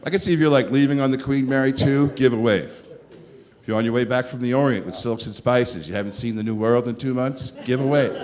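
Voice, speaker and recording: A man doing a stand-up comedy set on a club stage, sarcastic with deadpan asides and talk to the crowd. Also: mid-range voice, fast talker.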